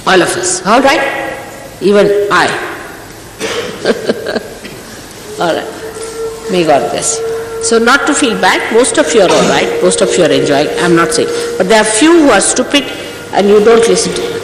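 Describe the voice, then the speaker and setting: A woman's voice: mid-range voice, sing-song, moderate pace, pauses often, a little hiss or hum. Older woman, spiritual teacher, emphatic and scolding, rhetorical questions, long hall echo, archival recording. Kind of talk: exhorting talk to followers.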